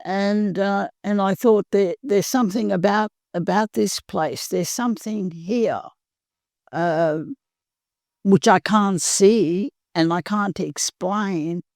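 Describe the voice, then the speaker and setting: Older Australian woman with a gravelly voice. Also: medium pitch, a little mellow, no echo, studio quality. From Perth, Australia. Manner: halting and earnest, many pauses and fillers. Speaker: recovering alcoholic sharing her story. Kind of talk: personal recovery testimony.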